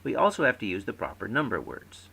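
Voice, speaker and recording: A man giving a recorded lecture, explaining terms clearly and stressing syllables in his example words. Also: lowish voice, huge pitch swings, fast talker, sharp tone, rough recording.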